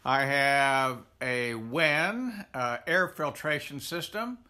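An older man with a Southern accent giving a rambling, folksy tour of his home garage workshop, pausing often with "uh". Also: mid-range voice, sharp tone. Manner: rambling, folksy, many "uh" pauses. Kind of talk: casual tool tour.

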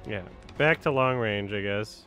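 A man playing a video game on stream, chatting casually, animated and swearing, muttering at times and shouting at others. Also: fairly low pitch, measured pace, faint music behind. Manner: animated, swears and laughs, swings between mutters and outbursts. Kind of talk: casual gaming stream chat.

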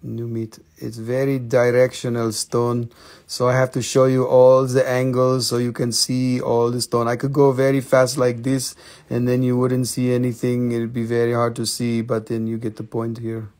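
A man hosting a live crystal sales show, joking excitably in broken English. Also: mid-range voice, moderate pace. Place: family crystal shop.

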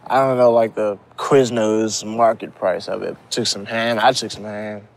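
A man casually reminiscing about an old job, laid-back and halting, with laughs. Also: fairly low pitch, fairly even intonation, gravelly. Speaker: friend recounting a story.

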